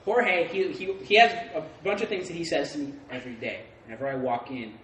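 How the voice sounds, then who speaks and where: A man's voice: on the high side, steady tone, brisk, fairly bright tone, slight background noise. A young man co-hosting a podcast, telling a story between laughs and swearing casually. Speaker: podcast co-host. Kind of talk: casual chat. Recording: echoey room.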